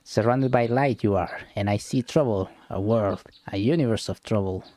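A frantic fortune-teller who is swamped by visions and begs to be left alone, as a man voices him while playing a game. The voice is mellow and dark-toned, and the lines come in pleading bursts. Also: lowish voice, normal speed, no room sound, close to an everyday voice. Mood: mystic. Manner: pleading, breathless outbursts. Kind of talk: let's play voice reading.

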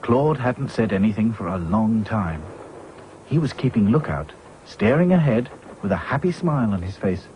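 Lively male storybook narrator. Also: lowish voice, normal speed. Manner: lively, voices every character himself. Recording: slightly dull with faint hiss.

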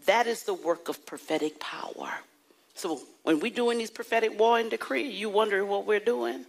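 Husky-voiced woman preaching a sermon. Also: medium pitch, poor audio. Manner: call-and-response preaching, dramatic slowed emphasis, acts out anecdotes. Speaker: prophetess preaching.

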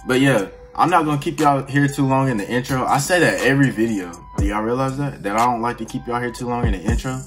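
A man's voice: mid-range voice, fast talker, few pauses. A man hosting a reaction video, talking in a laid-back, chatty way with frequent laughs and yawns. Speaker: reaction channel host. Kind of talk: casual reaction commentary. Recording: clear music behind the voice. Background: music playing from the reacted video.

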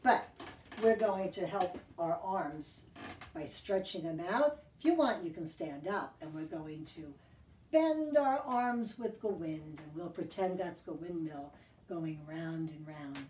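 A woman hosting a children's library storytime, talking to kids in a gentle, teacherly sing-song and reading a picture book aloud. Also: lowish voice, animated, slow, recorded from a distance, slight background noise. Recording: echoey room, voice off-mic, guitar behind.

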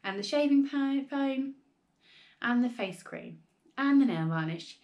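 A woman reading a storybook aloud, voicing a calm, earnest young boy who answers in a matter-of-fact way. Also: high-pitched, a little slow, voice pushed up.

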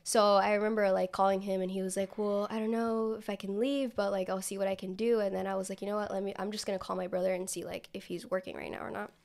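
A woman's voice: mid-range voice, fast talker, vocal fry, hardly any pauses. A woman co-hosts a podcast in easy casual chat. She tells her story loosely, with plenty of fillers and quoted asides, in an ordinary mid-range voice. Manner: relaxed storytelling, filler-heavy, quotes herself. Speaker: podcast co-host.

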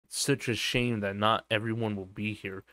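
A man's voice: on the low side, steady tone, moderate pace, pushed and bright, no room sound. A tired man streaming a game, rambling crudely and goofily to his chat. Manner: rambling, crude and goofy, drifting into silly voices. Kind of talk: casual live-stream chatter.

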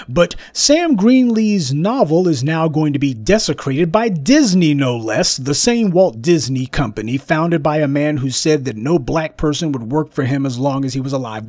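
A man hosting a political commentary monologue, forceful and sarcastic, lecturing his audience. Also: a little high, no room sound. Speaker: host.

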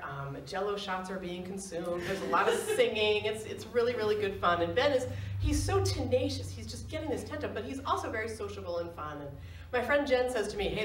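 Animated woman telling a story on stage. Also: mid-range voice, slight background noise. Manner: animated, laughs often, acts out quoted voices. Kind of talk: live storytelling. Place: stage in an arts center. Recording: roomy, distant live stage recording.

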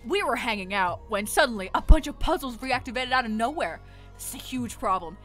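A woman voicing a nervous, nerdy female scientist from a game, reading the lines aloud in an eager, slightly halting way. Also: a little high, animated, a bit bright, faint music behind.

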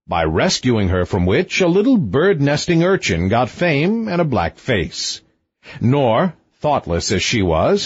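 A man narrating a fairy tale audiobook with expressive, sweeping intonation. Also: medium pitch, husky, no echo, highs cut off.

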